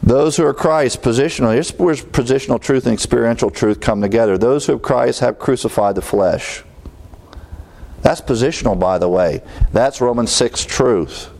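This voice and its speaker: A man's voice: medium pitch, moderate pace, vocal fry, darkish tone. A man preaching an expository sermon, earnest, repeating phrases for emphasis and asking rhetorical questions. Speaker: pastor.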